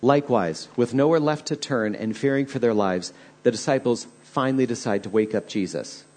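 Husky-voiced male preacher. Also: mid-range voice, normal speed, darkish tone. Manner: earnest, dramatic storytelling. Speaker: pastor. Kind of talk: sermon.

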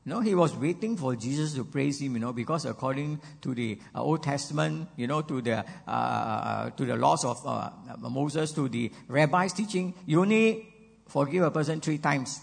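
Older pastor with a husky, gravelly voice. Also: male voice, mid-range voice, animated, normal speed. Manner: earnest, peppered with "you know", repeats words as he goes. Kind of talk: sermon. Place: church sanctuary. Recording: long reverb of a church hall.

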